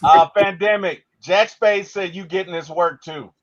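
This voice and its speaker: A man's voice: high voice, measured pace, lo-fi sound. A man chatting casually about sports with playful, teasing banter.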